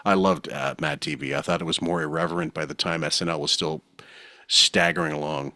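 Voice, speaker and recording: A man's voice: extremely low pitch, steady tone, brisk, pushed and bright, dry recording, studio quality. A man hosting a podcast, talking in a wry, opinionated way and laughing often as he comments. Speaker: podcast host.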